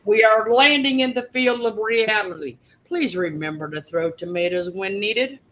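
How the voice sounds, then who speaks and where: A woman's voice: mid-range voice, lively intonation, normal speed, a bit bright, a little hiss or hum, close to an everyday voice, low-quality recording. A woman putting on a mock-formal airline captain's cabin announcement as a joke during a live stream chat. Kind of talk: joking role-play on a live stream chat.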